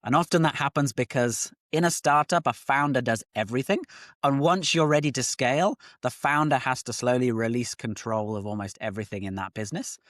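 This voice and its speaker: A man's voice: medium pitch, fairly quick, fairly bright tone, dry recording, studio quality. A middle-aged man with a British accent, a guest on a podcast interview, explaining his business in an articulate, structured way. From United Kingdom. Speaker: guest entrepreneur.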